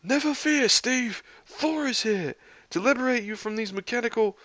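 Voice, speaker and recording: A man's voice: very high voice, animated, normal speed, sharp tone, no room sound, pitched above the performer's own voice, full character voice. A man voicing a boastful, rash male thunder god who proclaims grandly. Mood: heroic.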